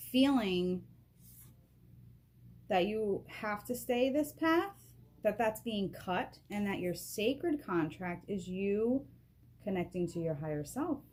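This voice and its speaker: A woman giving a casual spiritual card reading at a table, excitable and emotional, laughing often and speaking straight to the viewer through a camera propped on a box. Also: medium pitch, a little hiss or hum. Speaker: vlogger doing a card reading. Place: at a table indoors.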